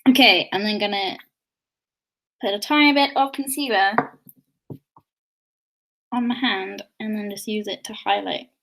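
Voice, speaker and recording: A woman's voice: mid-range voice, measured pace, gravelly, pauses often, fairly bright tone. A woman from London with a fairly posh southern English accent that has a slight London undertone, chatting casually on a livestream while doing her makeup, laughing often and drifting into tangents. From England, London. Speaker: livestream host.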